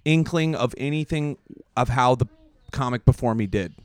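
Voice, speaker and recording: Mid-pitched male comic, clear voice, long thoughtful podcast musings, dry sound. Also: moderate pace, no echo. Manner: thoughtful, long winding sentences with fillers. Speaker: comedian. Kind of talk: casual podcast chat.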